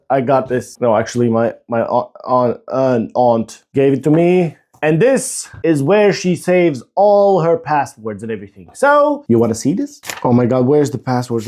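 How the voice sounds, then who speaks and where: A man talks through a phone unboxing in a loose, casual way. His voice is warm and mellow, and he swears freely, rants in frustration and jokes at his own expense. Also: on the high side, lively intonation, unhurried, few pauses. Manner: exasperated, swearing, self-mocking rambling. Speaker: tech YouTuber.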